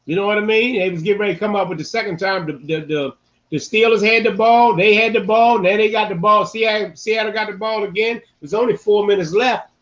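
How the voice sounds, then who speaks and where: A man hosting a casual sports-talk podcast, animated and repeating phrases for emphasis. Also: high voice, fairly quick, highs cut off. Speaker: podcast host.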